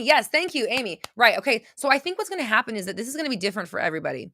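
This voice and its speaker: A woman's voice: a little high, sing-song, rapid-fire, hardly any pauses, pushed and bright, dry recording. A woman hosting a livestream and answering viewer questions, blunt and intense, hammering points home with repetition. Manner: blunt, intense, repeats phrases for emphasis. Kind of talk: unscripted livestream talk.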